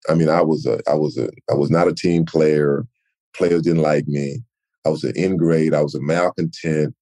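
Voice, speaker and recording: A man from Texas in his sixties, a retired football player telling animated stories in an interview. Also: a bass voice, normal speed. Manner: animated storyteller, acts out quoted voices. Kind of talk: storytelling interview.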